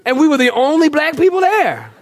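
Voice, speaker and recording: A man's voice: very high-pitched, expressive, fairly quick, some chatter behind. A middle-aged man preaching a humorous, storytelling sermon in a church, often repeating words as he goes. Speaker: pastor.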